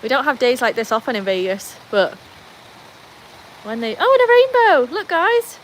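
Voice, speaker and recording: A British woman with a fairly high voice hosts a relaxed livestream from under a tin veranda roof while rain falls. She chats easily, reads out her viewers' comments and calls to her dogs. Faint background noise sits under her voice. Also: moderate pace, rough recording. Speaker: livestream host. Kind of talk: casual livestream chat. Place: covered tin-roofed veranda during rain.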